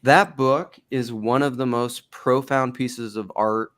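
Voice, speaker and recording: A man co-hosting a livestream, chatting in a relaxed, rambling way. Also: mid-range voice, slow pace. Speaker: livestream co-host. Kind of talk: casual chat.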